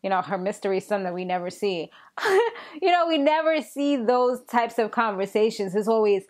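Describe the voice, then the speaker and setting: A young woman casually recapping a TV episode in an animated, slangy way. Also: fairly high pitch, normal speed. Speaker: TV recap vlogger.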